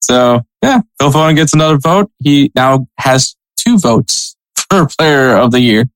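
A man's voice: medium pitch, animated, unhurried, no room sound, low-quality recording. A man co-hosting a casual soccer podcast, chatting with frequent laughs and reading sponsor spots. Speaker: podcast co-host.

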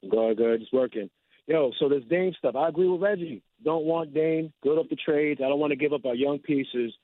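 Slangy caller on a tinny phone line. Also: male voice, a little high, moderate pace, no echo. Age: 30s. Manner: casual slangy, blunt. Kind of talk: call-in radio chat.

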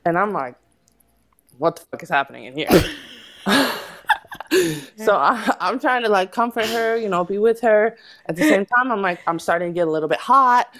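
A mid-pitched woman in her thirties, a guest on a podcast, tells a long story with lively energy. She laughs often and acts out what other people said. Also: moderate pace. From United States. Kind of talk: casual storytelling.

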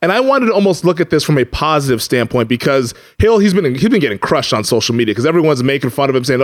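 A man's voice: on the high side, expressive, fast, few pauses. A man co-hosting a sports podcast, chatty and telling stories about football and betting. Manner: chatty, storytelling. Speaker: podcast co-host, sports bettor. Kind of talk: casual sports talk.

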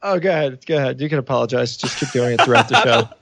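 A man's voice: medium pitch, very fast, creaky, fairly bright tone, no room sound. A man hosting a podcast in casual chat, joking and teasing his guest. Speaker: podcast host.

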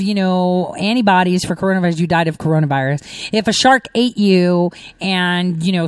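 A woman's voice: medium pitch, no room sound. A woman hosting her own commentary video, talking in a sarcastic, ranting way with scornful laughs. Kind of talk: casual monologue reacting to news clips.

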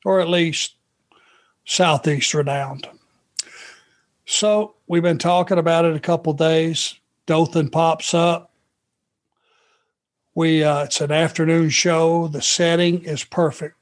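Slow-talking man telling stories. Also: on the high side. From Georgia, US. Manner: relaxed anecdotal, chuckles while telling. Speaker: guest, former wrestler. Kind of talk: podcast storytelling.

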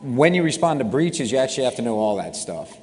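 A man's voice: medium pitch, fast, a little hiss or hum. Man explaining incident response, reverberant. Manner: relaxed, explanatory, self-deprecating humor. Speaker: cybersecurity company founder. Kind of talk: interview answers.

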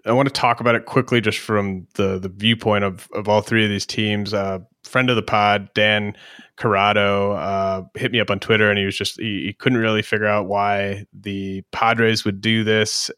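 A man hosts a podcast in relaxed, measured chat, pausing to find his words. His voice is fairly low but bright in tone. The recording sounds close and dry. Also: clear, resonant tone, no room sound. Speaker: podcast host. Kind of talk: casual chat.

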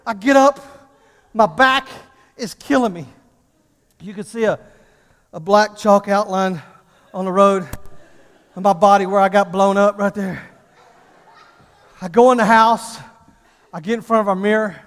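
A middle-aged man preaching from the pulpit in an unusually high voice. He tells his story with excitable, animated energy and then leans into urgent appeals. His voice rings out in a large sanctuary with a long, lingering reverb. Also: measured pace, pauses often. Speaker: pastor. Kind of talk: sermon with a comic personal story.

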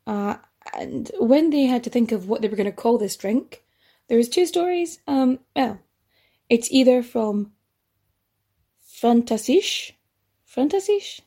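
A woman's voice: a little high, animated, moderate pace, warm tone. A woman hosting a history podcast, telling the story in a chatty, rambling way with casual swearing and asides. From Ireland. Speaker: podcast host.

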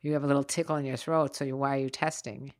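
A woman's voice: very deep voice, level tone, fast. A woman in casual chat, indignant and sarcastic, laughing often at the story.

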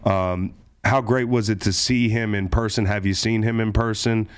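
Lower-voiced male host, earnest and talkative. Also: steady tone, normal speed, clear, resonant tone. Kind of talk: interview conversation.

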